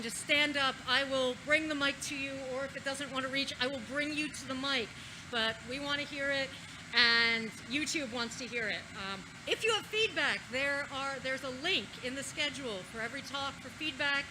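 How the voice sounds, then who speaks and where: Brief: a high-pitched woman running conference housekeeping, quick and jokey, with clear background noise. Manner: brisk, joking, casual. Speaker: session host. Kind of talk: housekeeping announcements. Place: conference hall with audience.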